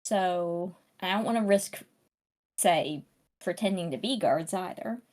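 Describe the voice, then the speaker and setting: Unhurried, halting woman player in a casual tabletop session. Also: fairly low pitch, darkish tone. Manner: halting, searching for words. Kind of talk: casual chat.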